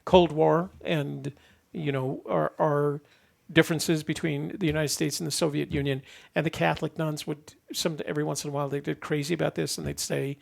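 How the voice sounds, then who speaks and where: A man's voice: a little high, flat delivery, brisk, creaky. A man in his seventies, co-hosting a live stream, rambling and correcting himself as he tells stories and laughs at himself. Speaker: co-host. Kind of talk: casual live-stream chat.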